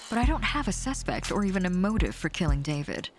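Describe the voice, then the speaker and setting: A woman's voice: fairly low pitch, big pitch swings, quick pace, music in the background. A woman voicing a confident female defense attorney in a story game, dry and explanatory.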